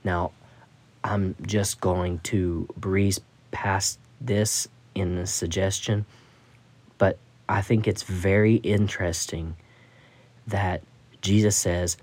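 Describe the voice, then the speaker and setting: A man's voice: sits low, fairly even intonation, slow, darkish tone. A man hosting a Bible study podcast, teaching scripture in a thoughtful, musing way with frequent restarts.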